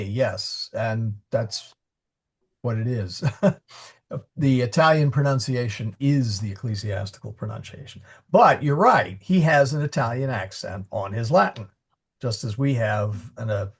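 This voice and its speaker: A man teaching a Latin class, explaining grammar patiently with fillers and pauses. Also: medium pitch, lively intonation, slightly rough.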